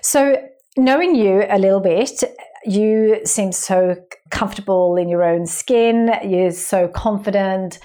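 A woman hosting a podcast, asking questions in an encouraging, gentle way with slightly loose grammar. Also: mid-range voice, takes it slowly. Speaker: podcast host. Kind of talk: interviewing.

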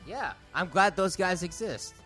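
A man co-hosting a casual podcast, riffing loudly and swearing freely. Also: sits high, lively intonation, unhurried, over loud music. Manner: profane, rowdy, riffing. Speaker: podcast co-host. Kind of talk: casual chat.

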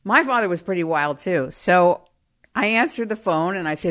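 A woman telling personal family stories in an animated way, often laughing. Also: fairly low pitch, normal speed. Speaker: storyteller. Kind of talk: personal storytelling monologue.

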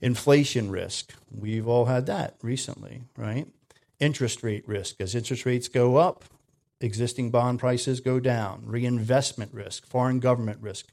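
A man giving a sermon in a conversational way, often checking in with "right?", moving between loud emphatic lines and quiet low asides. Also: fairly even intonation, measured pace, vocal fry. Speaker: preacher.

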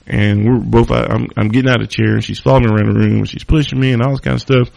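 A man's voice: medium pitch, steady tone, very fast, gravelly, a little mellow, no room sound. A man hosting a podcast, telling a personal story casually with loose, profane talk and lots of fillers. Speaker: podcast host. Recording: dry close studio sound.

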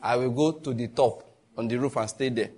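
A man with a Nigerian accent preaching a sermon as pastor, telling lively stories with quick asides and bursts of laughter. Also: mid-range voice, slightly rough.

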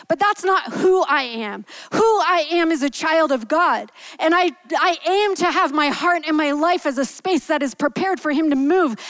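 High-voiced woman preaching gently. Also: no echo, poor audio. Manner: candid, gentle, storytelling with quoted asides. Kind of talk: sermon with personal story. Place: church.

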